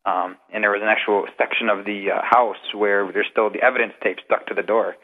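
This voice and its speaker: Low-voiced man on a tinny phone line. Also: steady tone, fairly quick, long reverb tail. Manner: rambling, detailed anecdotes. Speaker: paranormal investigator guest. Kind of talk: casual storytelling interview.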